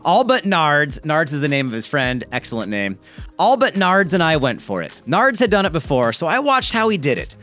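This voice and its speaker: A man hosting a mountain bike video, reading a viewer's story aloud with chatty, joking asides. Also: high voice. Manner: lively, chatty, jokey asides.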